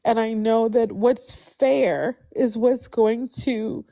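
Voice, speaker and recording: A woman's voice: a little high, steady tone, slow, creaky, mellow. A woman speaking up on a live stream, emotional and grateful, rambling with many restarts. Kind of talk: heartfelt casual chat.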